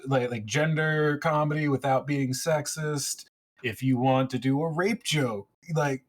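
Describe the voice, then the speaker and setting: A man co-hosting a casual podcast chat, explaining at length in a matter-of-fact way. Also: medium pitch. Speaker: podcast co-host.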